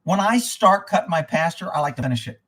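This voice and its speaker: Male livestream host, slightly raised pitch, swears freely, rambles from one topic to the next. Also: expressive, quick pace, fairly bright tone. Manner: profane, rambling, blunt. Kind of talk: casual rambling livestream talk. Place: indoors at a rural home.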